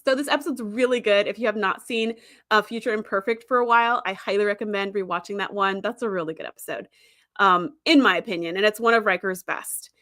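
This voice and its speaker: A woman's voice: medium pitch, bright, forceful tone, no room sound, studio quality. A woman hosting a podcast, chatting enthusiastically about a TV series and reading out live chat comments. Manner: chatty and enthusiastic, with frequent fillers and quick asides. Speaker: podcast host.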